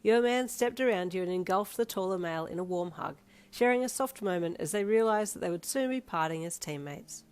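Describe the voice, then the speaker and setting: A woman reading second-person fanfiction aloud with brisk, lively storytelling. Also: on the low side, smooth. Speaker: fanfiction reader.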